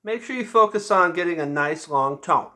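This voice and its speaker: A male band teacher gives a patient, step-by-step lesson, pausing often to check that students follow along. His voice is bright and sits a bit high for a man, and he keeps his instructions plain and encouraging. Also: lively intonation.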